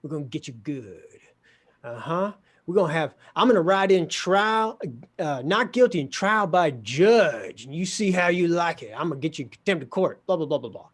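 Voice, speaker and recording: A man's voice: on the high side, expressive, moderate pace. A man voicing a stern, impatient male judge who taunts a defendant. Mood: menacing. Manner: menacing, taunting.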